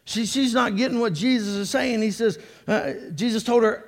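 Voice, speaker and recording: A man preaching a sermon, animated and joking as he draws the congregation in. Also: very high voice, moderate pace, hardly any pauses. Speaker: pastor. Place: church sanctuary. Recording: long reverb of a church hall.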